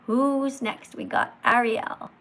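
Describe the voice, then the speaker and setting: A woman hosting a livestream, lecturing slowly and emphatically like a teacher. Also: fairly high pitch, steady tone, fairly bright tone. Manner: slow, emphatic teacher-like delivery. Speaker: livestream host.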